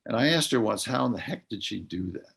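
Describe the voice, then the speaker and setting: Older man, gravelly husky voice. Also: lowish voice, lively intonation, a bit bright. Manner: hesitant, many filler pauses while recounting. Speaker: guest, dementia advocate. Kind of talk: radio interview talk.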